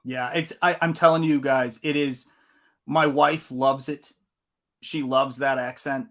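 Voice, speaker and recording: A man hosting a live stream in casual chat, animated and laughing often, speaking in a General American accent. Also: mid-range voice, measured pace. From United States. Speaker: livestream host.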